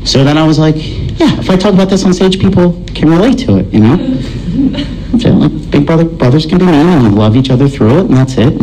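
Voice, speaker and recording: Male stand-up comic, lively pitch, noisy recording, animated storytelling. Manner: animated, acts out voices and shouts. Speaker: stand-up comedian.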